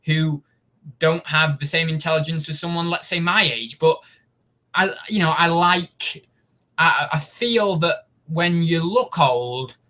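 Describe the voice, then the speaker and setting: A man's voice: on the high side, slow pace, bright, forceful tone. A young man chatting casually on a live stream, rambling and poking fun at himself. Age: young adult. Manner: rambling, chatty and self-mocking. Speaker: YouTube host.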